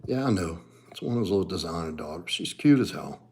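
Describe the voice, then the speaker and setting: Speaking briskly, this middle-aged man from New Orleans chats on a livestream as a martial arts coach, reading through comments. His talk is blunt and full of profanity, swinging between quiet mutters and lively outbursts.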